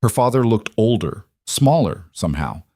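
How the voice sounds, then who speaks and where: Male narrator, scripted story; measured, low, dry. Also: sing-song, dark tone, no echo.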